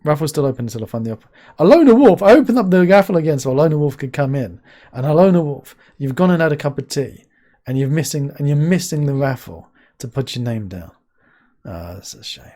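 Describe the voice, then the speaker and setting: An excitable man chats loosely on a live stream, laughing a lot and jumping up into high yelps. His voice is mellow and soft-edged, talking into a desk mic. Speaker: streamer host. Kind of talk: casual live-stream chat.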